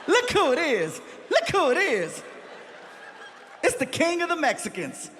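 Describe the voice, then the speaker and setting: Guy doing a loud high yelling comedian, brash and teasing, jumps way up in pitch, pushy and playful. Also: huge pitch swings, a little slow, over a noisy crowd, heavy background noise, full character voice. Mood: delighted. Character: loud excitable famous male comedian, brash.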